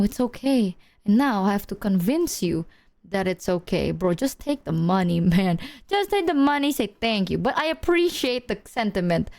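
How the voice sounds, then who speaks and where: A young adult woman livestreamer with a medium-pitched voice chats casually with her chat, animated and slangy, swearing and laughing as she goes.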